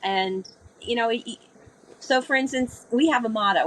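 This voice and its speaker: A woman sailor, interviewed as a guest, tells a vivid story at a measured pace, animatedly acting out the quoted speech. Her voice is fairly high-pitched, and the recording is rough.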